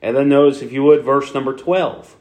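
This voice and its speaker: Philly guy preaching sunday morning, chatty, lots of uh and restarts, mid pitch. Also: fairly even intonation, fairly quick, a little mellow. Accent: Philadelphia. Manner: conversational preaching with frequent restarts and fillers. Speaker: pastor. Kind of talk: sermon.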